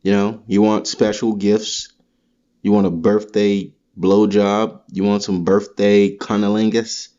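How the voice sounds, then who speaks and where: A man's voice: on the low side, flat delivery, a little slow, warm tone, lo-fi sound. A man hosting a podcast, delivering a rambling, profane comedic monologue full of crude rants. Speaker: podcast host.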